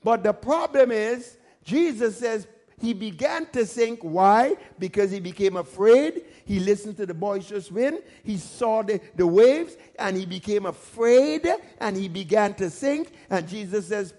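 A male pastor delivers a sermon in an unusually high voice. He drives his points home through repetition and quick asides to the congregation. When he reads scripture, he slows right down and stretches the words for dramatic effect. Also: lively intonation, dark tone. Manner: emphatic preaching with repetition and call-and-response asides; dramatic scripture reading with slowed, stretched phrases.

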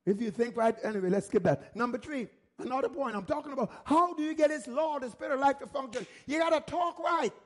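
High-voiced emphatic male preacher. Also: quick pace, hardly any pauses. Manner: emphatic, repetitive preaching with rhetorical questions. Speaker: pastor. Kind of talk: sermon.

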